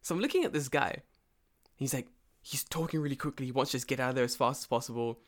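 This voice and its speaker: A man in easy, profane conversation, spinning a long grievance story. He laughs between lines and slips into quick impressions of the people he talks about. His voice sits at an ordinary middle pitch. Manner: animated, acts out both sides of a phone call, laughs often, swears a lot. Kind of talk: casual profane storytelling chat. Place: lives and works in Japan.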